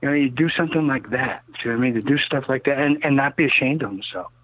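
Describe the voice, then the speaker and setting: A man's voice: medium pitch, fast. A man in his sixties, a rocket builder interviewed as a guest, telling rambling stories in an emphatic, cynical way, leaning on "okay?" and "you know" between thoughts. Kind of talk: casual rambling storytelling interview. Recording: dry tinny phone line.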